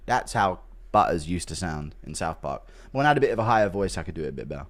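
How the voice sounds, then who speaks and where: Male streamer, casual chat, crude jokes, swears freely, lively rising and falling voice. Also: low voice, fast.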